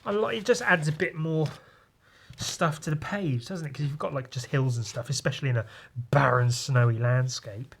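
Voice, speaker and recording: A man's voice: on the high side, moderate pace, creaky, slight background noise. A man hosting a drawing podcast, rambling through a comic page with crude, self-mocking jokes. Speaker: podcast host and comic artist.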